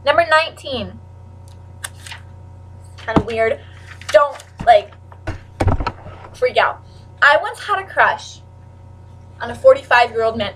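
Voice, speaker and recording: A teenage girl chatting casually to camera in a rambling way, full of "like" and with sudden loud outbursts. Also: on the high side, lively intonation, slow pace, pauses often, far from the mic, a little hiss or hum, rough recording. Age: teens. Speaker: vlogger.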